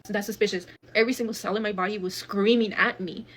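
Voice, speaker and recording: Fast-talking, profane young woman. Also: medium pitch. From Texas. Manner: fast, profane, animated retelling with quoted dialogue. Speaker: guest storyteller. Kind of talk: casual storytelling.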